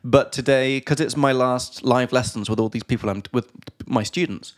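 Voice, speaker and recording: A chatty man hosts a relaxed podcast, pausing to explain English expressions to his listeners. His voice sits at an ordinary middle pitch. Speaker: podcast host and English teacher. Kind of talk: casual podcast chat. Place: studio.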